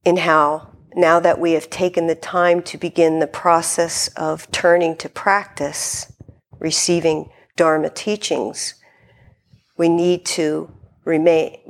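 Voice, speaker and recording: Low, gravelly-voiced woman Zen teacher. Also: little pitch movement, slow pace. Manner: reflective, gently hesitant. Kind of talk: dharma talk.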